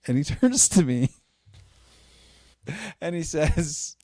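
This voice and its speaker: Mellow-voiced man from Utah chatting. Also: a little high, sing-song, no room sound, studio quality. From Utah, United States. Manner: jokey, quick to laugh. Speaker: podcast co-host. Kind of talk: casual chat.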